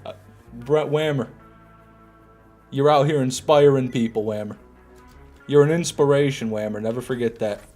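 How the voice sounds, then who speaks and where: A man's voice: mid-range voice, moderate pace, long pauses, faint music behind. A man casually chatting and joking with his chat while he streams a game. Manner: relaxed, joking, repeats himself. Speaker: gaming streamer. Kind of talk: casual live commentary reading chat.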